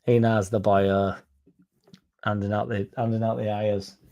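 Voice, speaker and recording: Gravelly football fan. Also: male voice, lowish voice, little pitch movement, moderate pace, mellow, muffled recording. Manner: swears freely, rambles, mocks critics in a raised put-on voice. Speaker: fan channel host reading live chat. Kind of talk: casual livestream chat.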